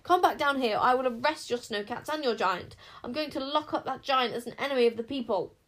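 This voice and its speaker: A woman reading an audiobook, voicing a furious, proud warrior queen who shouts and scolds. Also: a little high, sing-song, brisk, pitched above the performer's own voice. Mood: raging. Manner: shouting, scornful. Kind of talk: audiobook character voice.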